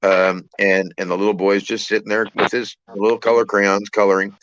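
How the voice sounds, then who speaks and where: A man telling a personal story in a casual, halting way, repeating words and using many fillers. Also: lowish voice, little pitch movement, a bit bright, highs cut off. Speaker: trucker channel host.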